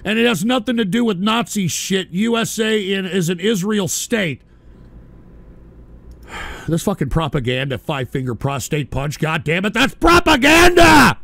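Man, show host, angry profane rant, shouting, high gravelly voice. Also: moderate pace, dry recording. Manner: profane, shouting outbursts, repeats "all right". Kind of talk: angry live-stream rant.

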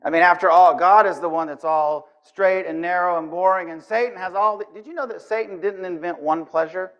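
Guy preaching in church, kinda high voice, chatty and lively, muffled audio. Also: a little fast. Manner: animated, conversational, acts out scenes. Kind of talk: sermon.

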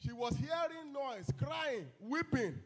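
A young Nigerian youth pastor preaches a fiery sermon, shouting calls and repeatedly asking the congregation "hello?". His voice is very high and animated, and he speaks slowly.

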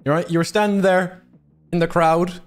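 A man's voice: high-pitched, fairly even intonation, normal speed. A man streaming a game, bantering and swearing in casual chat with a friend.

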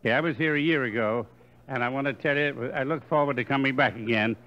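An older man doing stand-up comedy on a hotel stage, firing off quick deadpan one-liners into a stage microphone. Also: medium pitch. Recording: dull live recording, faint room ambience.

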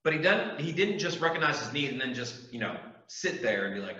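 Man, youth sermon, emphatic, repetitive, bright tense tone, dull lo-fi sound. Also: a little high, sing-song, fairly quick, faint music behind. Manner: earnest, emphatic preaching with repetition. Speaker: youth pastor. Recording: echoey room, distant mic, dull sound.

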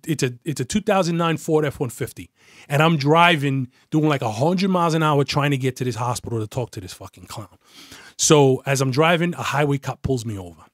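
His mid-range voice is slightly rough, recorded at studio quality with no room sound. A middle-aged retired detective, he tells a story in a casual interview, speaking bluntly, swearing often, and performing the voices of people in it.

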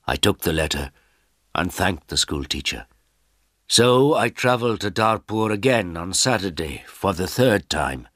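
A man narrating a first-person story in a slow, plain reading style for English learners. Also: low voice, expressive, a bit bright, dry recording, clean studio sound.

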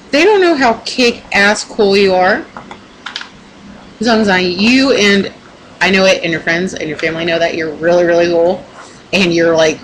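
A woman's voice: on the low side, fairly bright tone. A young woman in a casual vlog pep talk, rambling and emphatic, swearing a lot as she talks to her camera at home. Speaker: vlogger. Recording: noisy home recording.

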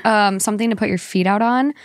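A woman's voice: medium pitch, quick pace, dry recording, studio quality. Giggly young woman podcast host. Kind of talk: casual chat and reading stories aloud.

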